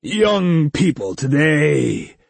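A man voicing a jolly, enormous male cyborg bully in an audiobook, booming and mocking. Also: very animated, drawn-out words, creaky, no echo, heavily acted. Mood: jovial mocking.

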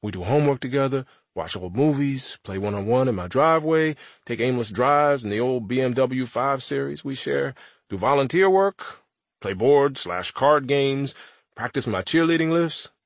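A man's voice: mid-range voice, expressive, moderate pace, no room sound. A man narrating an audiobook in the first person as a teenage boy, with a wry, conversational delivery.

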